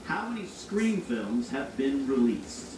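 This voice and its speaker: Dry-humored man, lively voice. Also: medium pitch, slow. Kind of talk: casual chat reacting to a trivia show. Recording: echoey room, distant mic, crowd noise.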